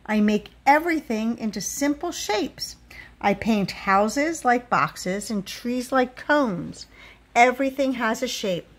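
A woman voicing a big, bearded painter who speaks gently and patiently to his son, in a lively storybook reading. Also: on the high side, slow pace. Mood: gentle. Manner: soft, patient and kindly.

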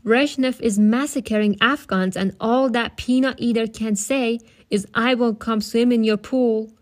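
A woman's voice: a little high, measured pace, pitched above the performer's own voice, lightly acted. A woman voicing a blustering, opinionated middle-aged father who lectures scornfully, in a storybook reading.

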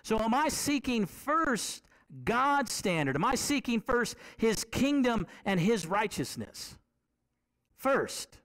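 A man's voice: very high-pitched, a bit bright. A man preaching a sermon in a conversational way. He asks the congregation questions and repeats key phrases to drive them home.

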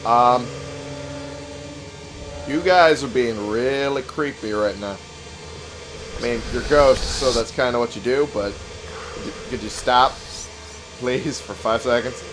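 A man's voice: medium pitch, slow pace, long pauses, noisy background. A young man giving casual let's-play commentary, reading item text aloud with wry jokes and frequent swearing. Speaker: gameplay commentator. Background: game music.

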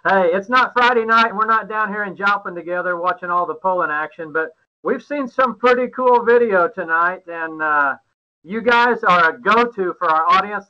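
A man hosting a live-stream trucking show, chatting with guests and pitching a contest in upbeat, folksy promotional patter. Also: muffled recording. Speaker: host.

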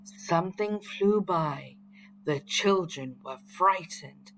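A woman reading a children's story aloud in a clear, expressive way. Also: fairly low pitch, takes it slowly, slight background noise.

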